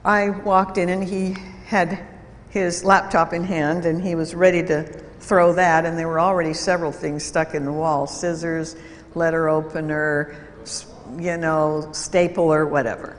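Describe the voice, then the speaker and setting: A woman giving an instructive talk at a church, measured and deliberate, illustrating points with stories. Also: deep voice, little pitch movement, long reverb tail. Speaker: speaker at a church program. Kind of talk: lecture-style talk with anecdotes.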